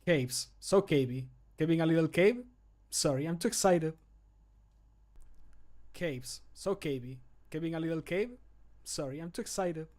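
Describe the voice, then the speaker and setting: A man recording voice lines for a game character, an excitable young male adventurer companion, with eager, playful delivery into a studio microphone. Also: a little high, measured pace, long pauses.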